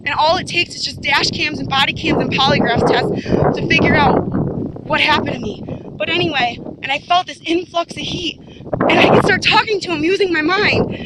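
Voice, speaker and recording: A woman's voice: sits high, moderate pace, heavy background noise. A woman giving a rambling, earnest first-person account to camera, repeating herself and restarting often. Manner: rambling, repetitive, with many fillers and restarts; earnest and insistent.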